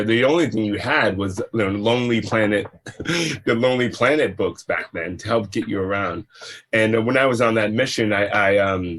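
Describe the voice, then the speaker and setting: A man in his fifties, from Massachusetts, telling his career story in a relaxed, conversational interview, with fillers and restarts. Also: lowish voice. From Massachusetts, USA. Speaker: entrepreneur guest.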